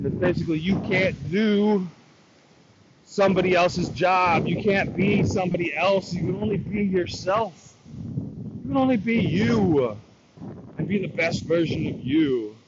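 Rambling man venting over noisy lo-fi audio. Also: fairly high pitch. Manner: rambling, frustrated, quotes himself in dialogue. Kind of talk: casual storytelling rant. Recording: lo-fi with loud background noise.

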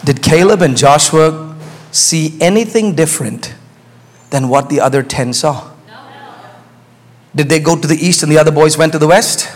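A man preaching a sermon as pastor, swinging from hushed asides to shouted climaxes. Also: fairly high pitch, normal speed, long pauses. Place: church sanctuary. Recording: hall reverb.

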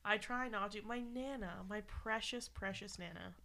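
A woman in her thirties with a bright, forward voice, chatting on a podcast at home. She tells stories with energy and mimics the people in them. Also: medium pitch, moderate pace. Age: 30s. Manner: animated storyteller, acts out quotes. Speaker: podcast co-host. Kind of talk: casual chat.

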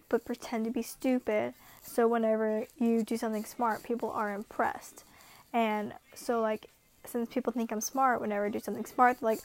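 A woman's voice: fairly high pitch, vocal fry, darkish tone. A young woman in her late teens, recording a casual vlog at home and rambling in an anxious, self-deprecating way. She laughs often as she talks. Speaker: vlogger.

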